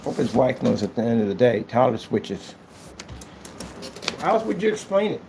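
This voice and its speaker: A man's voice: medium pitch, very animated, normal speed, gravelly, noisy background. A man who runs a small business, talking casually and rambling as he works on a livestream, thinking aloud and mocking his critics. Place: indoor business premises.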